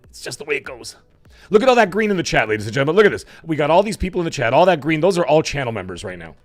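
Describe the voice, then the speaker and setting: A man with a hoarse, cracking voice hosting a live stream, chatting casually and rambling with fillers as he thanks viewers. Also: on the high side, sing-song, rapid-fire, soft background music. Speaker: livestream show host.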